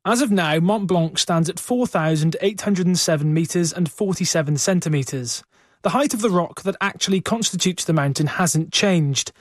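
A man reporter files his news report in a measured, formal way. His voice is fairly high and the sound is dry and close. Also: dry recording.

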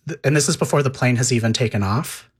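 A man's voice: mid-range voice, fast, husky. Curious male interviewer. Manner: curious, asks short follow-up questions. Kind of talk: casual interview.

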